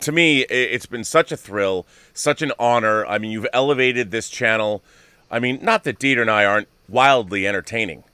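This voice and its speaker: An effusive man hosting a live talk show, thanking his guest and crew as he signs off. His voice is bright and forceful, smooth and crisp. The sound is dry, with no room echo. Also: mid-range voice. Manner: effusive, talks with many restarts. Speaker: host. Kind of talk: live-stream show sign-off.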